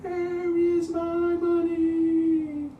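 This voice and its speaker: A shrill, slow, moaning ghost woman, put on by a male storyteller, wailing from far off. Her cry climbs very high and stretches every word. The room echoes around a distant mic with a faint hiss. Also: completely flat delivery, phone-quality sound, heavily acted. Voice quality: high, drawn-out moaning wail.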